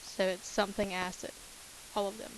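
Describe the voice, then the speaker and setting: A woman's voice: mid-range voice, flat delivery, fairly quick, a little hiss or hum, poor audio. A woman teacher talking through chemistry notes in a casual way, repeating key terms with many fillers. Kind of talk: recorded lecture over notes.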